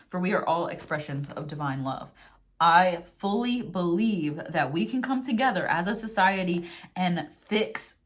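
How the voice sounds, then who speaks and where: A young adult woman giving a casual tarot reading, swinging between animated, swearing rants and soft, slow readings of affirmations from her card book. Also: fairly low pitch. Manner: animated, swears freely, gets worked up then reads affirmations softly. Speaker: tarot reader.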